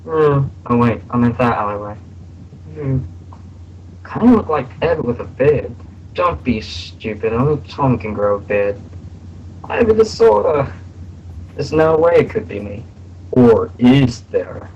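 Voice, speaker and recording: A man doing a calm deadpan cartoon guy. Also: medium pitch, measured pace, long pauses, lo-fi sound, slight background noise. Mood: deadpan banter. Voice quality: hoarse, throat a little shot.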